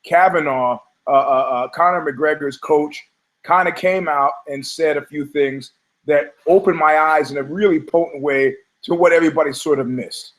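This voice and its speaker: Guy hosting a talk show, kinda high voice, rambly swearing rant, does little impressions of people. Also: a bit bright. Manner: rambling, emphatic, swears, stumbles on words; mimics other people in quick asides. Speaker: podcast host. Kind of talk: opinionated monologue.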